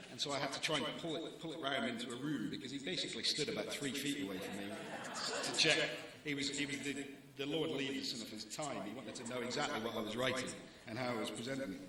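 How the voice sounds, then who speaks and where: A man's voice: mid-range voice, fast talker, crowd noise. A man in his forties, a newspaper deputy editor, giving a wry, anecdotal talk to students. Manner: wry, anecdotal, lightly self-mocking. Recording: very echoey hall.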